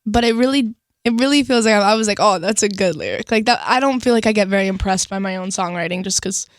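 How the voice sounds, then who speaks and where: A woman's voice: medium pitch, fairly even intonation, quick pace, dry recording, studio quality. A young woman, a singer guest, chatting casually in a radio interview, bubbly and full of "like". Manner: bubbly, lots of "like" and laughter.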